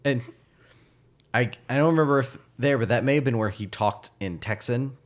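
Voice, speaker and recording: A man's voice: mid-range voice, moderate pace. A man co-hosting a podcast, chatting casually with dry, wry humor. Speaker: podcast co-host. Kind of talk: casual chat.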